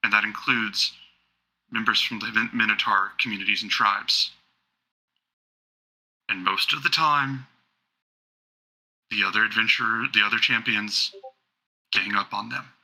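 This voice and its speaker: A man voicing a sympathetic male minotaur champion who speaks low, hushed and frank. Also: fairly even intonation, measured pace, long pauses, low-quality recording. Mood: earnest.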